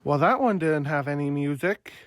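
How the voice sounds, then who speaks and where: A woman giving casual gameplay commentary, rambling along and now and then bursting out loudly. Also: low voice, lively intonation, normal speed, no echo. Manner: rambling, with sudden loud outbursts. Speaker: gaming video creator.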